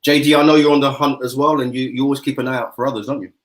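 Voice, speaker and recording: A man's voice: mid-range voice, fairly even intonation, racing, poor audio. A man hosting a webinar panel, encouraging his guests, heard over a video call. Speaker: host.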